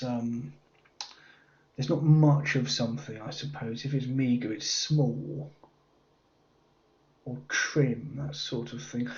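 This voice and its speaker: Guy slowly puzzling out crossword clues, mumbly, kinda dull lo-fi audio. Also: medium pitch, darkish tone. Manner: musing, mutters clues half to himself. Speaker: crossword solver. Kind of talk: thinking aloud while solving a crossword.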